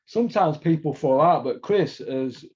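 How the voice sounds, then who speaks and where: A middle-aged man from Doncaster, England, with a South Yorkshire accent, hosts a podcast where he rambles through sweary stories, laughing as he goes. His voice sits on the high side, expressive and darkish, at a normal speed. The sound is dull and lo-fi with slight background noise.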